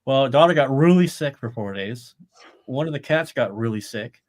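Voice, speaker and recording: A man's voice: medium pitch, expressive, normal speed. A middle-aged man talking casually on a live stream, rambling and swearing freely. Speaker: podcast co-host. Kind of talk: casual chat.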